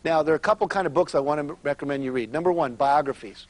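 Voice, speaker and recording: Speaking quickly in a slightly high voice, this motivational seminar speaker tells animated stories and talks straight to his audience. The recording has no echo.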